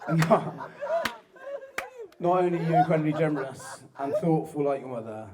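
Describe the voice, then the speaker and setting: A man's voice: on the high side, moderate pace. A young man from giving a joking, self-mocking groom's speech at a wedding reception, often breaking into laughter. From southern England. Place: wedding reception hall with guests. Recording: crowd noise of a reception. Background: guests laughing and chatting.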